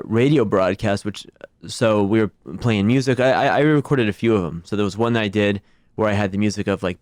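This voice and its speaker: A man's voice: low-pitched, clear, resonant tone, no room sound. Man, podcast host, resonant voice, dry close sound, thoughtful casual talk. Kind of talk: casual conversation.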